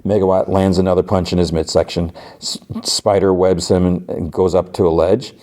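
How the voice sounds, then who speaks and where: A man's voice: low voice, level tone, normal speed, mellow. A man hosting a podcast who gives a loose, casual recap of an episode, often filling gaps with "like" and "uh". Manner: loose retelling full of "like" and "uh". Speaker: podcast host.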